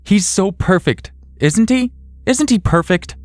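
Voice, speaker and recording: A woman's voice: rumbling low, moderate pace, mellow, slightly rough, faint music behind. A man voicing an obsessive young woman in her twenties who talks in a playful, sing-song way about a baby that isn't hers. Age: 20s. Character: obsessive young woman, falsely claiming a newborn.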